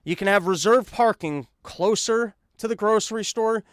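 A man's voice: sits high, normal speed, no room sound, studio quality. A man hosting a podcast, delivering a sarcastic, rambling comedic monologue. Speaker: podcast host.

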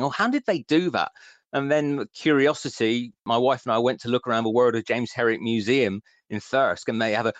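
A man's voice: mid-range voice, dry recording. A man in his thirties with a West Country accent, a book author talking eagerly and chattily as a radio interview guest, often restarting his words. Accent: West Country English. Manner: enthusiastic, chatty, with frequent restarts. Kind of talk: radio interview, casual chat.

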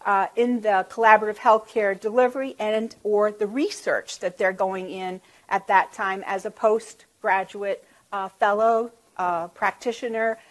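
A woman presenting on health professions education in a halting way, with frequent fillers. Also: mid-range voice. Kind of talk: academic presentation.

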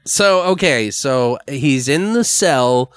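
A man's voice: mid-range voice, lively intonation, slow pace, clear, resonant tone, no echo. A man casually brainstorming a story on a podcast, rambling with lots of fillers and swearing. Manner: rambling, profane, full of fillers. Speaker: podcast co-host.

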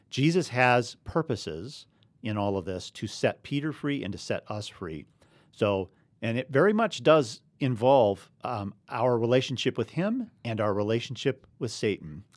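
A man's voice: mid-range voice, no room sound. A man co-hosting a casual faith discussion, explaining earnestly and chuckling now and then. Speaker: podcast co-host.

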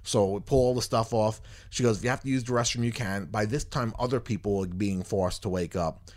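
A man's voice: fairly low pitch, a little fast. A man hosting a podcast, telling a long story in casual chat, rambling and exasperated, swearing freely. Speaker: podcast host.

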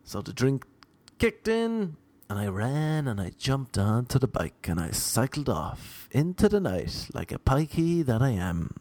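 A man's voice: mid-range voice, very animated, a little slow, few pauses, darkish tone, no echo. A young Irish man telling a rambling, self-mocking anecdote in casual chat, slipping into voices for the people he quotes. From Ireland. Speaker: storyteller.

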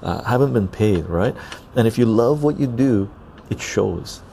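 A man with a low, gravelly voice talks casually on an outdoor patio, chatting with his viewers. His tone is dark and easygoing, and he keeps adding a friendly "right?". A faint outdoor hum sits behind him. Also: animated, moderate pace. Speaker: podcast host. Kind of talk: casual chat while reading live chat.

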